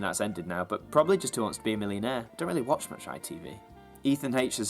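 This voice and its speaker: A young man hosting a casual video, reading viewer questions aloud and answering them in a chatty way. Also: medium pitch. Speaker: YouTube host. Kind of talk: casual Q&A chat.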